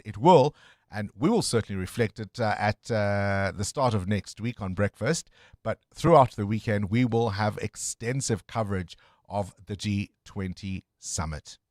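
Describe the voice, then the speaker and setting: A man's voice: fairly low pitch, no echo. Male radio host, dry studio. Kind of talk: talk radio chat.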